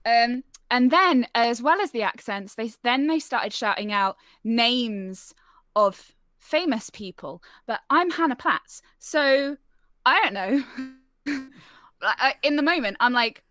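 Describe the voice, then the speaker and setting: Brief: woman, rambling comic anecdote, slightly high voice, dry home-mic sound. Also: lively intonation, takes it slowly, pushed and bright, dry recording. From near Leicester, England. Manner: chatty and self-deprecating, many "like"s and fillers. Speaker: guest storyteller on a live-streamed chat show. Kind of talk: casual anecdote telling. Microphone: home microphone over an online call.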